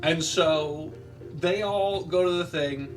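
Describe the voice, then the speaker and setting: A man's voice: a little high, slow, far from the mic, soft background music. A man casually retelling a movie plot while playing a game, rambling with lots of fillers and quoted lines. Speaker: podcast co-host.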